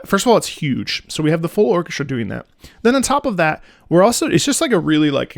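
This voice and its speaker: Lively man breaking down a game soundtrack, bouncy pitch, scats the tunes, dry sound. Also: fairly quick, vocal fry, no echo, faint music behind. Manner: excitable, sings out melodies in scat syllables; profane asides, chatty fillers. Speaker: video game music analyst. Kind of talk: casual music breakdown commentary.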